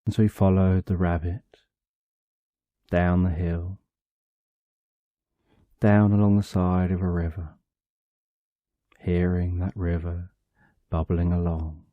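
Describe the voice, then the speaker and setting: A man narrates a bedtime story for sleep in a calm, unhurried way, pausing at length between short phrases. His voice sits low and very dark, with an unhurried pace. The recording is dry and a little dull. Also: dry recording. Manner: calm, drawn out, short phrases with long pauses.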